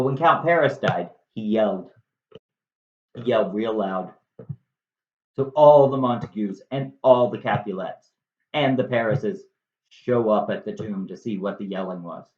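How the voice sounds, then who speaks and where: Slow, wry man retelling a play. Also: on the low side, a little mellow. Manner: wry, conversational, jokey asides. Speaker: video host. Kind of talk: casual storytelling lesson. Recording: roomy, slightly dull recording.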